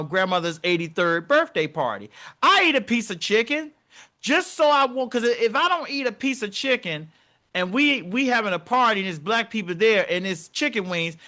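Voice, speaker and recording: A young man co-hosting a podcast, telling stories in casual conversation and acting out the voices he quotes. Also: high voice. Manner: animated storytelling, acts out quoted voices. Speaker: podcast co-host.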